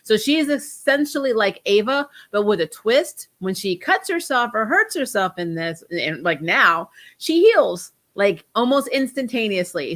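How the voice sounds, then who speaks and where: A woman's voice: fairly high pitch, big pitch swings, moderate pace, hardly any pauses, a bit bright. A young woman hosting a casual TV review chat, stuffed up from a cold and talking in a chatty, rambling way with ums and restarts. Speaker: host of a TV review channel.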